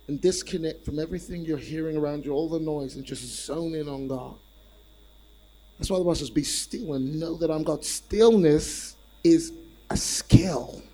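Man, preacher, sermon, animated, repetitive, congregation call-outs, slightly high voice. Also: low-quality recording.

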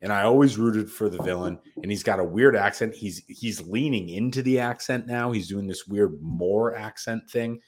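An American man co-hosts a sports betting podcast, chatting casually in a brash, profane, hyped-up style. His voice is lowish and his pace moderate, with few pauses.

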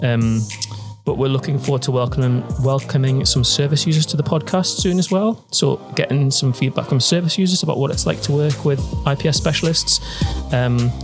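A man hosting a podcast in a casual chat, friendly and talkative with frequent ums and restarts, on a proper studio microphone. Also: medium pitch. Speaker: podcast host. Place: at home during lockdown.

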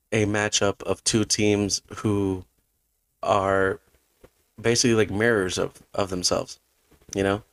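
A man's voice: lowish voice, no room sound. A man hosting a podcast, giving a blunt and opinionated fantasy football recap. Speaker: podcast host.

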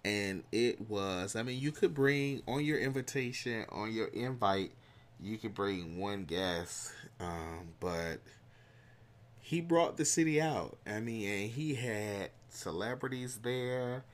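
A man with a Southern US country accent reading a history passage aloud and then chatting casually about his weekend, lively and slangy. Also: on the low side, takes it slowly. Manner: animated, drawls and trails off, slangy asides. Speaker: vlogger. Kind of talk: casual vlog talk with a read-aloud segment.

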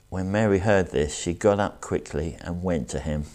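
A man preaching a sermon and reading scripture aloud, earnest and reflective, slowing down to stress key words. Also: low-pitched, darkish tone. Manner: earnest, reflective, slows down for emphasis.

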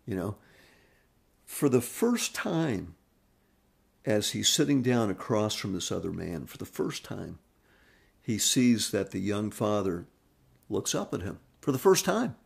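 A man's voice: on the low side, very animated, unhurried, creaky, pauses often, breathy edge. A man hosting a podcast, telling a story in a rambling monologue full of fillers and restarts. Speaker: podcast host.

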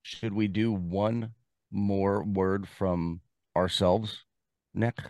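A man's voice: on the low side, steady tone, extremely slow, darkish tone, no echo, studio quality. A man co-hosting a podcast in casual chat, playful and teasing with lots of laughter. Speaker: podcast co-host.

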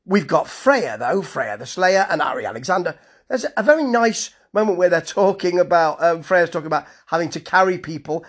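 Casual review talk, sardonic, husky, lively intonation. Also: medium pitch, moderate pace. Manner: dry, sardonic asides. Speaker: wrestling show reviewer.

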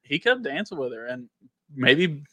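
Animated young man telling a wild story. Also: a little high, measured pace, a crowd in the background. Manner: animated storytelling, acts out quotes, laughs often. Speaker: storyteller guest. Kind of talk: casual podcast chat.

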